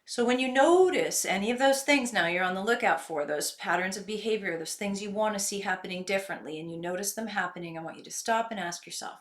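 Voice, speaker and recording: A woman self-help coach teaching in an earnest, reflective way and slowing down to stress her points. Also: medium pitch. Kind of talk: instructional self-help talk. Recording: echoey room.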